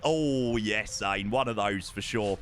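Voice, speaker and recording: A man streaming live, chatting casually and excitably with his viewers and swearing now and then. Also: on the low side, slow, a little hiss or hum. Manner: excitable, swears, talks to chat.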